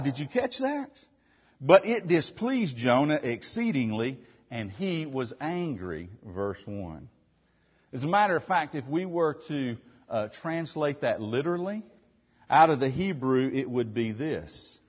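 Husky-voiced preacher in a reverberant hall. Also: male voice, a little high, unhurried, highs cut off. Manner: asks the congregation frequent questions, with animated emphasis. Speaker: pastor. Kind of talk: sermon.

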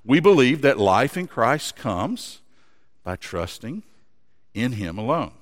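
A pastor preaching a sermon, earnest and story-driven. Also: male voice, mid-range voice, big pitch swings, slow pace. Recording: long hall reverb.

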